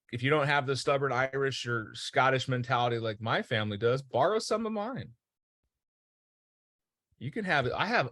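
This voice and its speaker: A man gives a motivational talk in an earnest, emphatic way, telling stories and throwing out rhetorical questions. His voice sits at an ordinary mid pitch. The sound is close and very dry, with no room around it. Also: no room sound. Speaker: host.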